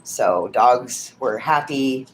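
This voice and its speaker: A woman's voice: rumbling low, animated, very slow, slight background noise. A woman chatting casually on her livestream, telling stories and swearing freely. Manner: coos softly over a child's craft. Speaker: livestream host.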